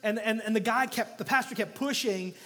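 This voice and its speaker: A man preaching a sermon as a guest pastor, telling stories with humor and swinging between loud and hushed delivery. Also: sits high, a little fast, in a large hall. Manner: animated storytelling with jokes, swinging from loud to hushed.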